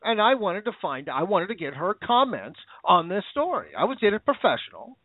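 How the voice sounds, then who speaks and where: A show host rants with sarcasm and indignation, repeating himself over a tinny, phone-like line. His voice sits high, very animated and a little fast, with no echo.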